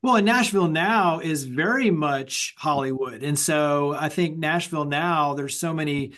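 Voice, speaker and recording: Male podcast host, bright high register, meandering conversational questions. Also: a little slow. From Texas. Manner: loose, rambling questions with fillers. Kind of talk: podcast interview.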